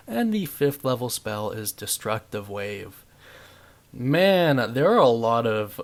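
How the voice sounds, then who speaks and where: An enthusiastic young man hosting a tabletop roleplaying channel. His voice rises and falls in an animated sing-song as he chats to viewers. It sits at an ordinary middle pitch for a man. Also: creaky. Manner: upbeat, chatty, lively intonation. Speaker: D&D video host. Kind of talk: enthusiastic tabletop game explainer.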